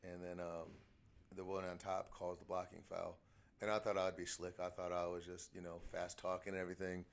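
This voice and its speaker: A middle-aged man, hosting a casual podcast and telling lively coaching anecdotes. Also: low voice, brisk, gravelly. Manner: chatty storyteller, animated anecdotes. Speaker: podcast host, shooting coach.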